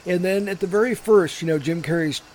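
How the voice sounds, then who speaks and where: A man's voice: high-pitched, fairly quick, darkish tone, a little hiss or hum. A man co-hosting a podcast, rambling through casual banter and swearing as he retells movie scenes. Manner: rambling, swears, quotes movie lines in funny voices. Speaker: podcast co-host.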